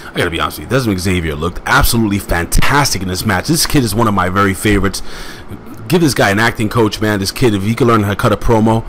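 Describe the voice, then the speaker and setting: A man casually recapping a wrestling show as host, rambling with excitable asides and plenty of fillers. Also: fairly low pitch, quick pace, slight background noise.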